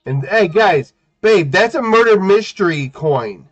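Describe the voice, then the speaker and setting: A man casually chatting while streaming a game, playful and teasing, with sudden loud outbursts and sing-song scatting. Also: sits high, expressive, unhurried. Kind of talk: casual gaming stream chat. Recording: muffled lo-fi stream audio.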